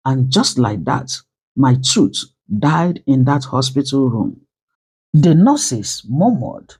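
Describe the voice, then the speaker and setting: A woman narrating a dramatic first-person story with slow, emotional delivery. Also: rumbling low, sing-song, a little mellow, slightly rough.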